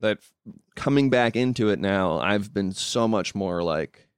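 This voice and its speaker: A man's voice: lowish voice, animated, measured pace, smooth, dry recording, clean studio sound. A young man, a comedian, talking in a loose, rambling casual conversation full of "like" and restarts. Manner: loose and rambling, heavy use of "like". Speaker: comedian and podcast guest.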